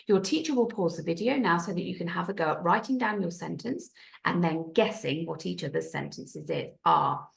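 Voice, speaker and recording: In a recorded classroom video lesson, a woman teaches primary school French clearly and patiently, with careful French pronunciation. Her voice is deep and a bit bright.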